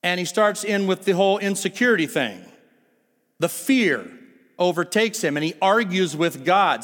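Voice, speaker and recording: A man preaching a sermon, animated and full of rhetorical questions to his listeners. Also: high voice, moderate pace. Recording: long hall reverb with faint music.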